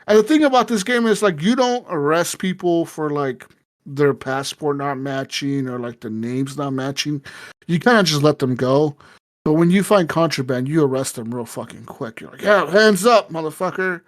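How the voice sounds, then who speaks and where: A man co-hosting a podcast, telling a gaming story in a profane, animated way and acting out the people in it. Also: on the high side, moderate pace. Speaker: podcast co-host. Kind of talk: casual chat.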